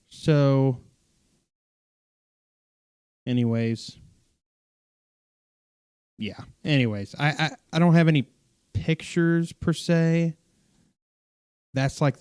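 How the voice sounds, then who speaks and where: A man's voice: medium pitch, darkish tone, clear, resonant tone. A man hosting a live stream as a pastor, chatting casually with viewers and rambling through fillers, restarts and self-corrections.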